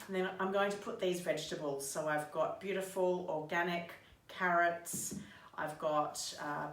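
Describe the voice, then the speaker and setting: Chatty low-voiced woman vlogger. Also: steady tone, a little slow, fairly bright tone. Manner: chatty and upbeat, addresses viewers directly. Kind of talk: casual video diary.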